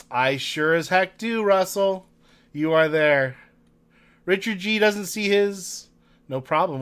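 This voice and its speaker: A man's voice: on the high side, fairly bright tone, smooth. A man hosting a casual card-break livestream, chatting with viewers and reading their names aloud.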